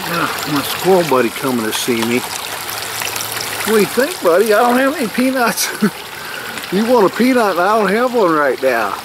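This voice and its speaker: A man outdoors by a creek, gently coaxing a lost duckling and a squirrel while filming. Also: high voice, sing-song, normal speed. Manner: coaxing, soft-spoken, talks to animals like pets. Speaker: nature vlogger. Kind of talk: casual talk to animals. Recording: outdoor camera audio with stream noise.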